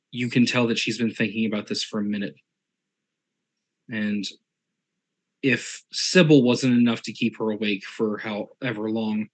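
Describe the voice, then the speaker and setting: A man's voice: mid-range voice, a bit bright. A man narrating a tabletop role-play game as game master, describing characters unhurriedly.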